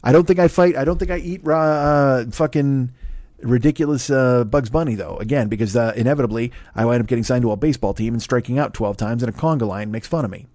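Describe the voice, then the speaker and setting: A man's voice: mid-range voice, quick pace, a little mellow, no echo. Swearing, rambling comic man, dry mic. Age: 40s. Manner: profane, riffing, self-interrupting with asides and laughs. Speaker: comedian hosting a solo podcast. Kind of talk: rambling stand-up style monologue.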